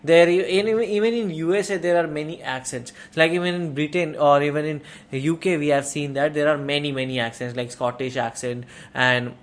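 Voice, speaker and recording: A man with an Indian accent hosts a casual reaction chat. He sits a touch higher in pitch than most men. His talk rambles loosely and leans on filler words. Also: steady tone, brisk, hardly any pauses. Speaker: reaction channel host.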